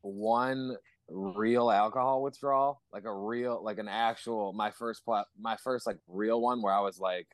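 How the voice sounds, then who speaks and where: A man chatting loosely on a podcast as a guest musician, stringing his thoughts together with endless fillers and casual swearing. His voice sits low and sounds dry and close to the mic. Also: steady tone, unhurried, dry recording. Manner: rambling, heavy swearing and fillers.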